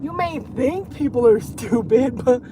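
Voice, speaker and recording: A woman's voice: sits high, expressive, unhurried. A woman gossiping on a casual livestream from her car, swearing and rambling as she drives. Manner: profane, rambling, laughing. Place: inside a car, driving. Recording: road noise behind.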